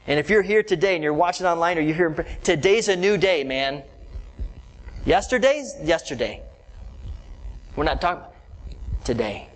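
Animated man preaching a casual sermon. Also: on the high side, moderate pace, long pauses, poor audio. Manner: animated, conversational preaching with asides to the congregation. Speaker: pastor.

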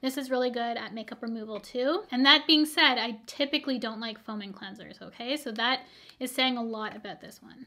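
Chatty, slightly hoarse beauty vlogger woman. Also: fairly high pitch, bright, forceful tone. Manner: chatty, upbeat, rambling asides. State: slightly hoarse, losing her voice. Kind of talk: casual product review.

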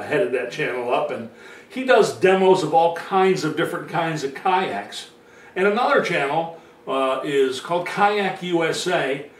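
Chatty man rambling in a roomy room. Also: a little high. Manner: rambling, chatty, with many fillers. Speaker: vlogger telling his own story. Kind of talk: casual storytelling monologue. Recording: roomy sound from a distant mic.

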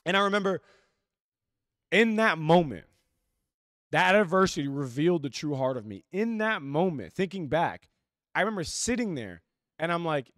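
Young male athletic coach, motivational speaker: high, intense, casual slang, preachy, dry close recording. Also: sing-song, moderate pace, long pauses, no echo. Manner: intense, preachy, swings between loud and hushed; casual with lots of "like" and "freaking". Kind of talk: motivational talk.

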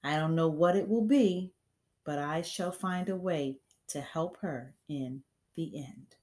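A woman voicing a gentle young teacher who pleads earnestly for her pupil, read from a storybook. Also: sits low, slow. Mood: earnest, pleading. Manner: pleading, raised and urgent.

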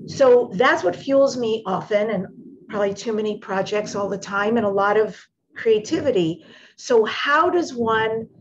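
Woman host with muffled lo-fi sound. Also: on the high side. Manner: searching, halting questions with restarts. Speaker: podcast host. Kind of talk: casual interview chat. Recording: dull, lo-fi remote audio.

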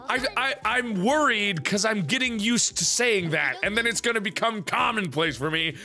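A man doing let's-play commentary. He jokes, swears and yells as he plays. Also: high-pitched, animated, moderate pace. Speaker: gaming video creator.

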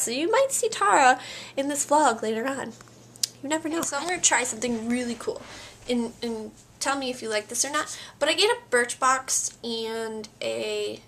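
Bubbly high-voiced woman vlogger. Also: fairly bright tone. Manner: bubbly, exclamatory, chatty. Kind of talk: casual daily vlog chat. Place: home, indoors.

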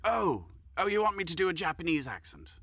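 A man's voice: a little high, very animated, a little fast, fairly bright tone, slightly rough, dry recording. A man narrating comedy sketches in a dry, mock-serious scripted style.

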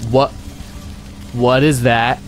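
A man giving live gameplay commentary as a streamer, excitable and panicky, laughing often. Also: mid-range voice, drawn-out words, soft background music. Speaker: game streamer.

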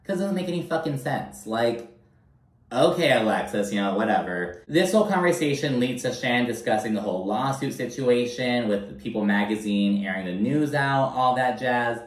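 Profane, animated recap man, roomy echo. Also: medium pitch, moderate pace. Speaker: reality TV recap host. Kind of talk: casual commentary. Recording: roomy echo, mic held at a distance.

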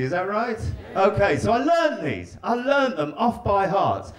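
A man's voice: high-pitched, very animated, measured pace. A man doing a stand-up set in a live venue, chatting with and teasing the audience. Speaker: stand-up comedian. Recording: live show with crowd laughter.

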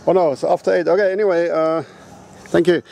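A man talking to camera outdoors in a casual, rambling vlog, blunt and quick to swear. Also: fairly high pitch, steady tone, creaky, mellow. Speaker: vlogger. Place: outdoors at a resort in a town.

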